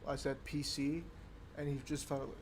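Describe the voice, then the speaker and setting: An easygoing man with a slightly high voice chats on a live stream. He laughs along and tells short anecdotes. A faint hum sits behind him. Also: completely flat delivery, measured pace. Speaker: livestream co-host. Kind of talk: casual banter on a livestream.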